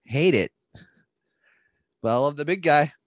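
A man's voice: on the high side, animated, measured pace, dry recording, clean studio sound. A man joking on a casual podcast, stretching out words for emphasis.

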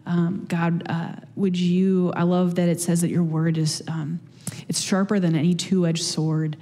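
A woman's voice: lowish voice, flat delivery, unhurried, dark tone, long reverb tail. A woman preaching a casual sermon and prayer, chatty, with many fillers and restarts.

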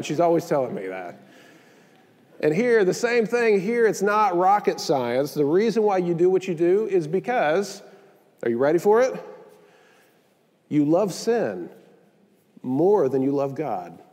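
A man's voice: high voice, sing-song, a little slow, pauses often, a little mellow, big-room sound. A male pastor delivering a sermon in a conversational style, mixing in joking asides, recorded in a church sanctuary.

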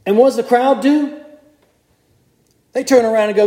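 A male priest preaching a sermon, telling the story with lively acted-out voices. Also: very high voice, moderate pace, pauses often, echoey room. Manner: animated storytelling, acts out crowd voices. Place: church.

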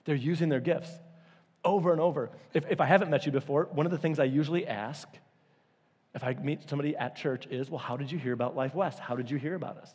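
A man preaching a sermon as a pastor, telling stories with lively, acted-out quotes and sudden jumps in pitch. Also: husky. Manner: animated storytelling, acting out quotes with big pitch jumps. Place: church auditorium. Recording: long hall reverb.

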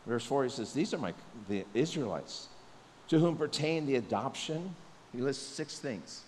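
A man preaching a sermon, animated, acting out the voices of the people he describes. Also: mid-range voice, moderate pace. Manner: animated, acts out voices of people, jokes aside. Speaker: pastor. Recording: long reverb, faint hiss.

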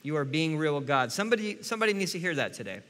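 A man's voice: a little high, sing-song, racing, fairly bright tone, big-room sound. A man preaching a sermon as a pastor, earnest and speaking directly to his listeners.

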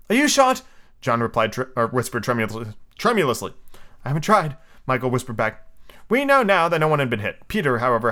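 A podcast host reads a classic children's novel aloud in a mid-range, slightly bright voice. His casual storybook delivery includes small slips and asides, and he calls out page numbers as he goes.

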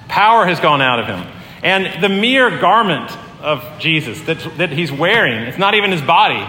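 Man, pastor, sermon; bright, higher voice, conversational and earnest; roomy hall with long reverb. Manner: conversational, earnest, many fillers. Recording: echoey hall, long reverb, faint room noise.

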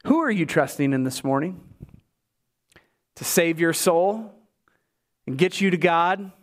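A man preaching a sermon in church, swinging between emphatic highs and low asides, with joking remarks to the congregation. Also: lively intonation, a little slow. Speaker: pastor.

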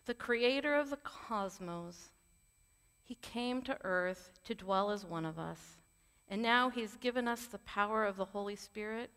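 A woman's voice: mid-range voice, measured pace, fairly bright tone, smooth. A woman giving a sermon in an earnest, conversational way, with candid personal asides. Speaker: preacher. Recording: long hall reverb.

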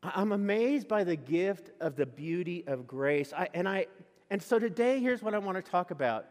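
A man's voice: sits high, normal speed. A male pastor preaching a sermon, telling stories and acting out quoted voices as he goes. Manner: animated storytelling with quoted asides. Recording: long hall reverb.

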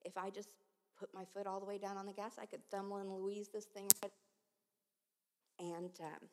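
A woman in her fifties giving a sermon with personal testimony, speaking slowly and earnestly with many halts, often dropping to a hush. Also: medium pitch, flat delivery, a little hiss or hum. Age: 50s. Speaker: preacher. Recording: long reverb of a large hall.

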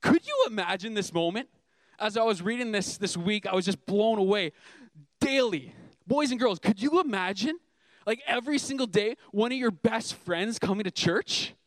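High-voiced earnest young youth pastor. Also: male voice, animated, normal speed, no echo. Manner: earnest, emphatic preaching with rhetorical questions. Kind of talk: sermon.

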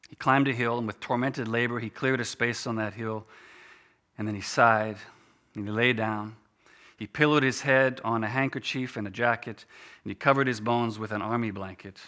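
A man telling a story dramatically, expressive and dropping to a hush in quiet moments. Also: medium pitch.

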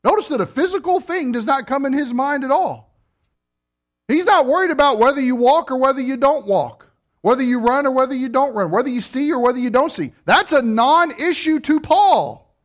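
A man preaching a sermon, teaching from scripture and joking with his congregation, swinging from soft asides to emphatic peaks. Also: very high voice, expressive, normal speed.

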